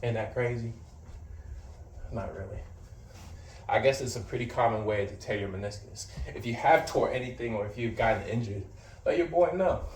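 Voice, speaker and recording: A man's voice: medium pitch, moderate pace, far from the mic. A man in casual vlog talk, blunt and slangy, swearing and boastful, a little out of breath. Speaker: vlogger. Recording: roomy sound from off the mic with faint background noise.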